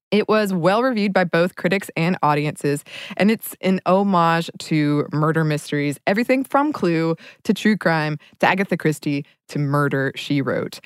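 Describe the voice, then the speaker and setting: Low-voiced chatty woman podcast host. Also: dry recording, studio quality. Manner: chatty, laughs often, trails off and restarts. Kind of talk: casual chat.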